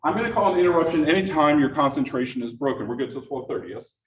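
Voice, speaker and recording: Talking fast with lively intonation and a fairly high pitch, this middle-aged man runs an interactive productivity workshop, peppering the live audience with questions. An echoey meeting room, a distant mic and faint noise mark the recording.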